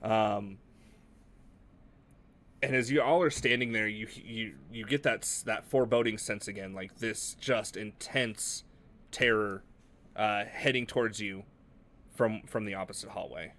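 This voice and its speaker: A man's voice: on the low side, moderate pace, fairly bright tone. A man narrating a tabletop game as game master, casual with many fillers.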